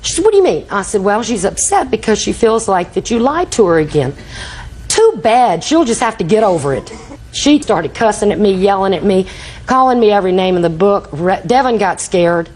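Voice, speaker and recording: A woman's voice: mid-range voice, big pitch swings, moderate pace, darkish tone, low-quality recording. An older woman testifying in a TV courtroom, telling a rambling story and acting out quoted dialogue. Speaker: litigant.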